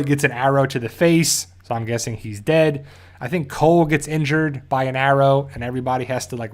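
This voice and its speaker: Man, mid-pitched voice, casual episode recap, rambling, self-correcting. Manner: rambling, self-correcting, loosely paraphrases scenes. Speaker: TV show reviewer.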